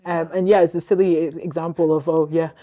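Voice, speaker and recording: Young woman host, Northern Irish accent; mellow, rambling, reflective chat. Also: low voice, steady tone, fast. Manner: rambling, filler-heavy, reflective. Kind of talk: casual chat.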